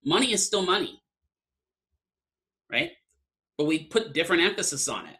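A man's voice: on the high side, very animated, normal speed, sharp tone. A man lecturing an online class in a casual, conversational way, often checking in with "right?". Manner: conversational, keeps asking "right?".

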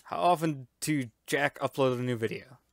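A gaming YouTuber doing let's-play commentary, loud and excitable, with playful yelps, silly noises and sound effects. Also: medium pitch, moderate pace, creaky, no echo, clean studio sound.

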